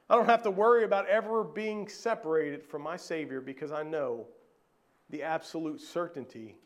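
A middle-aged man preaching a sermon as pastor, with many fillers and repeated starts. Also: fairly high pitch.

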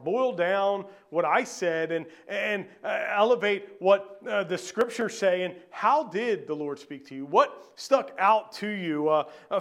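A man's voice: high voice, a bit bright. A middle-aged man preaching a sermon as pastor, with many fillers and repeated starts.

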